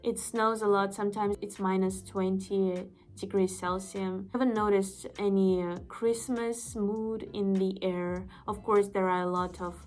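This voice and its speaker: A woman's voice: mid-range voice, little pitch movement, unhurried, few pauses, darkish tone. A young woman from Estonia chatting casually to the camera as a vlogger, emphatic and repeating her points.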